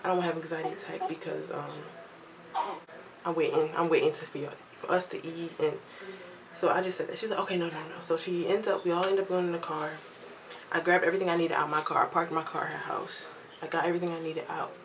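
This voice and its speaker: A woman's voice: low voice, quick pace, background noise. Chatty young woman telling a story. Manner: chatty, animated quoting of others, laughs often. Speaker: vlogger. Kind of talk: casual storytime.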